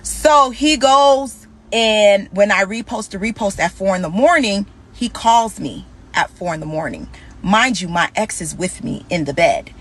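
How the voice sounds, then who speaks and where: Husky-voiced woman telling a candid story. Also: medium pitch, unhurried. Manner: conversational, animated retelling with quoted dialogue.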